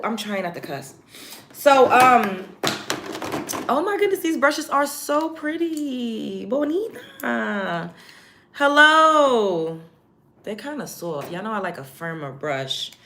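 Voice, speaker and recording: A chatty woman with a bright, clear voice hosts a casual live stream. She talks straight to her viewers in a lively, animated way. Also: on the low side, a little hiss or hum. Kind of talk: casual get-ready-with-me live chat.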